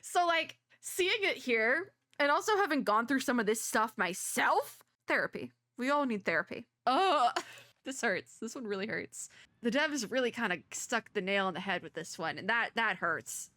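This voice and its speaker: Bright, tearful VTuber woman. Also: on the high side, lively intonation, moderate pace, dry recording, studio quality. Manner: emotional and tearful, laughing, rambling asides. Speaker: VTuber let's play host. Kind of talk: let's play commentary, reading game text aloud.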